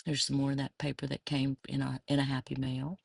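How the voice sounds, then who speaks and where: A woman's voice: a bass voice, completely flat delivery, brisk, creaky, darkish tone, breathy edge, dry recording, studio quality. A middle-aged woman from Louisiana with a South Louisiana accent, chatting fondly and meandering through a craft flip-through.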